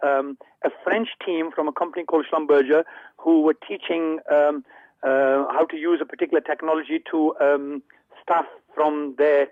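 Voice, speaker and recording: A man's voice: on the high side, steady tone, normal speed. Man telling stories over a tinny phone. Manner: anecdotal, repeats words when starting. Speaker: phone-in guest. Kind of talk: casual storytelling chat.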